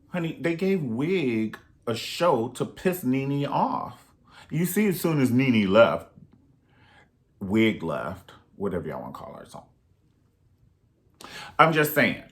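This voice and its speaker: A man's voice: on the low side, very animated, measured pace. A man giving sassy, profane, rambling gossip commentary in a vlog.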